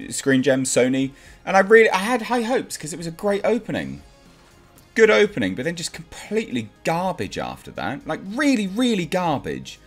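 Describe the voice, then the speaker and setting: Blunt, animated man ranting. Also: on the high side. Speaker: movie reviewer. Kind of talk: casual spoken review.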